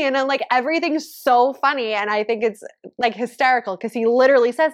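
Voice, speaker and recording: A woman's voice: fairly high pitch, fairly quick. A woman in her thirties hosting a podcast, chatting casually and saying "like" constantly. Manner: chatty, heavy use of "like". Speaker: podcast host. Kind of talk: casual chat.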